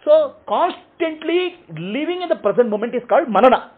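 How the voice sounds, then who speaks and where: High-voiced man teaching, phone-line sound. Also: big pitch swings, fairly quick. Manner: explains in short repeated phrases, checking with "okay?". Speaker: spiritual teacher. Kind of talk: teaching answering questions. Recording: tinny phone-like audio.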